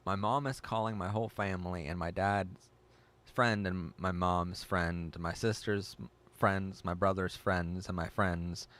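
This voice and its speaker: An excitable man hosting a casual livestream, reading chat aloud and reacting with gasps. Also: low-pitched, a little slow. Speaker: livestream host.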